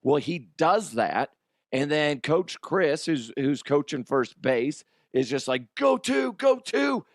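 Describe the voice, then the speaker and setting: A middle-aged man and show host telling a story in an animated way, jumping from loud outbursts to quiet asides. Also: mid-range voice, takes it slowly, dry recording, studio quality. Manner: excitable, swings from loud shouts to quiet asides.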